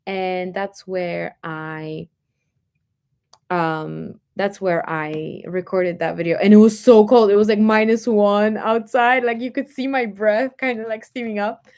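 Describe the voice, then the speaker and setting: A woman's voice: medium pitch, steady tone, unhurried, darkish tone. A young woman from Poland speaking English with a light Polish accent, chatting casually with viewers and answering their comments, with many fillers. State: dry throat, coughing. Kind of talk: casual chat.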